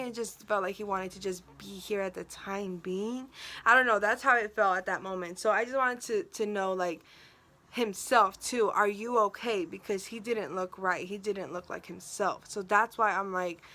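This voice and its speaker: A woman's voice: medium pitch, bright, forceful tone. A young woman telling a personal story on her vlog, emotional and venting, filled with "like" and quoted dialogue.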